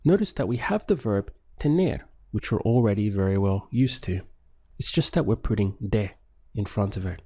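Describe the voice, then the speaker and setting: A man teaching a language lesson, patiently repeating phrases and pausing for the listener to answer. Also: fairly low pitch, lively intonation, warm tone, breathy edge. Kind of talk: paced language lesson with pauses for practice.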